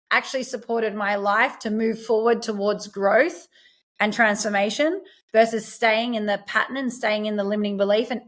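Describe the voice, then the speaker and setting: A young adult woman, a self-empowerment coach, talking earnestly and reflectively in a podcast interview and quoting her own inner voice. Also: mid-range voice.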